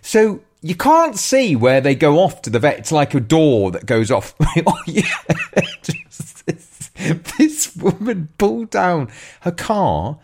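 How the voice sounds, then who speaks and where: Man, co-host, lively storytelling, swings up and down, laughing, swears. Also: fairly high pitch, measured pace. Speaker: radio co-host. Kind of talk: casual storytelling chat.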